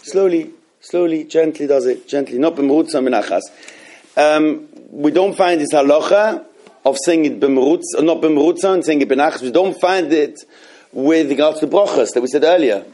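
A man's voice: fairly high pitch, moderate pace, dark tone. Rambling man teaching a Torah class. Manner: rambling, many restarts and fillers. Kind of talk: halacha class.

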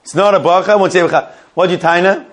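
Leading a Torah study class, a man with a high, bright voice reads a legal text aloud one phrase at a time, translating each line. He keeps the group involved by asking questions and offering quick praise.

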